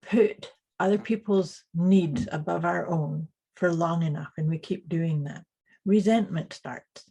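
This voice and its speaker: A woman's voice: on the low side, warm tone, husky. A woman co-hosting a casual podcast chat, earnest and agreeable, backing up her partner. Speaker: podcast co-host.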